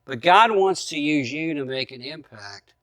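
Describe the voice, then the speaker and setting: A middle-aged male pastor preaching with a fairly high voice, telling a story and acting out his inner thoughts with animation. The sound is dry and close, with no room echo at all. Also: moderate pace. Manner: animated storyteller who acts out his own thoughts, chuckling at times. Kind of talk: sermon storytelling.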